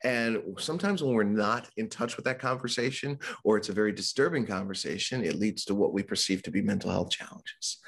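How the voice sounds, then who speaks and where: Guy with a low raspy gravelly voice, mental health speaker telling his own story on a podcast, candid and chatty. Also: a bit bright. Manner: candid and conversational, acts out quoted voices. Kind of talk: podcast interview, personal story.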